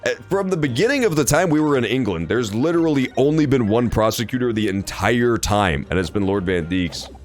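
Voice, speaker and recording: A man's voice: mid-range voice, animated, fairly quick, hardly any pauses, soft background music. A man streaming a game, joking, rambling and swearing casually as he plays. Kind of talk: casual gameplay commentary.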